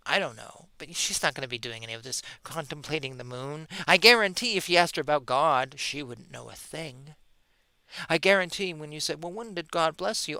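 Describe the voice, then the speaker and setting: Solo podcast host, male, bright and smooth voice, sarcastic and fed up. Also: fairly high pitch, expressive, a little fast, no echo. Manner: sarcastic, exasperated, mocking. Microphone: webcam or computer mic.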